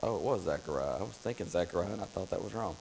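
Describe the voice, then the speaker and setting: A man preaching a Bible study in a church, telling the story with lively acted-out voices. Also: deep voice, racing, vocal fry. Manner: animated storytelling, acts out voices of Bible figures. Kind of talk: Bible class teaching. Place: church classroom. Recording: long hall reverb with faint mains hum.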